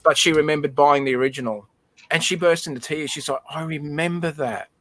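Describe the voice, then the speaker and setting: A man's voice: fairly high pitch, steady tone, fairly quick, fairly bright tone, no room sound. A man hosting a livestream, telling a personal memory in casual chat and often repeating words. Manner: emotional storytelling, repeats words. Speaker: livestream host.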